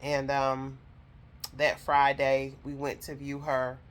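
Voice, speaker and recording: A woman's voice: rumbling low, completely flat delivery, takes it slowly. A woman telling viewers a personal story in an emotional, heartfelt way, speaking straight to them. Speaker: vlogger telling her own story.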